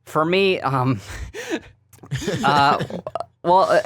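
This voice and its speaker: Halting, giggly man guest, dry sound. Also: fairly high pitch, fairly bright tone, dry recording. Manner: halting, many fillers and nervous laughs. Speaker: podcast guest. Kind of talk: casual chat.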